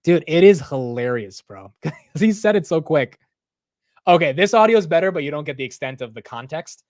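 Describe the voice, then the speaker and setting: Man, market livestream host, casual slangy chat, excitable, dry close sound. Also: on the high side, brisk, no echo. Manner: excitable, laughing, loose slang. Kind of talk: casual live market commentary.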